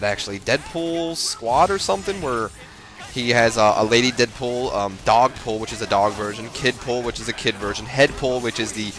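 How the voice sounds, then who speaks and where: A man talks through his gameplay in a loose, rambling way, stopping and restarting often and playing down his own skill. His voice has a bright, sharp edge, and faint game music plays behind him. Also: mid-range voice. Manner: rambling, full of fillers and restarts, self-deprecating. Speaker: gamer. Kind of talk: gameplay commentary.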